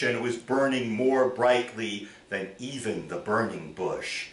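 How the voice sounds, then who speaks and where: A man, a poet, giving a live reading of his poems on a theater stage in a measured, expressive way. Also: mid-range voice. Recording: roomy theater, from far off.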